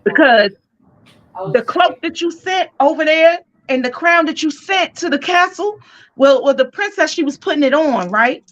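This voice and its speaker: A woman's voice: high voice, lively intonation, moderate pace, a bit bright, dull audio, voice pushed up. A woman voicing a panicked servant who talks in an urgent, breathless rush. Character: frantic panicked servant bringing news.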